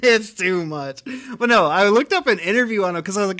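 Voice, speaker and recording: A man's voice: high-pitched, expressive, a little fast, sharp tone. A man co-hosting a podcast, chatting casually and reading his story with a giggly, rambling manner. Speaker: podcast co-host reading fiction.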